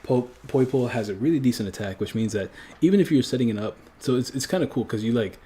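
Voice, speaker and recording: Fast and slightly rough, this man's voice is medium-pitched with a dark tone. A streamer from a French-speaking country, he chats casually and rambles, correcting himself along the way and chuckling often.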